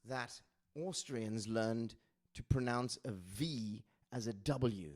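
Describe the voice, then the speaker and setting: A man's voice: medium pitch, slow pace, darkish tone. A man hosting a casual chat show, telling stories with indignant restarts. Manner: indignant, restarts phrases when worked up. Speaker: host.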